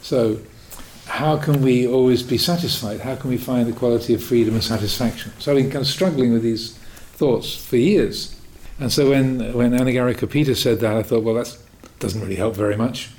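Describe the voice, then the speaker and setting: A man telling a personal story in a Dhamma talk as a Buddhist teacher, relaxed and self-deprecating, chuckling now and then. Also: mid-range voice, moderate pace.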